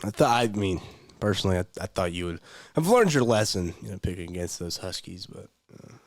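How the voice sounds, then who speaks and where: A man's voice: low-pitched, expressive, fairly quick, no echo. A man co-hosting a casual sports podcast, talking in a laid-back, teasing way and repeating phrases for effect. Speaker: podcast co-host.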